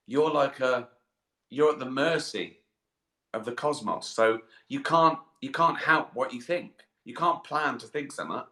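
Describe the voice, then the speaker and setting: Middle-aged brit comedian on a live stream, swears a lot, mocks himself, bright voice in an echoey room. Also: male voice, medium pitch. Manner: rambling, self-mocking, swears freely, laughs at himself. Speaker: comedian answering fan questions. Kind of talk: casual live-stream chat. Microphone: webcam or phone mic.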